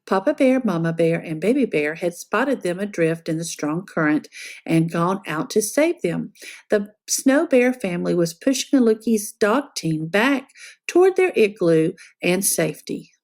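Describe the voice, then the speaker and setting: A woman reading a picture book aloud to children, telling it as an expressive storyteller. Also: lowish voice, measured pace.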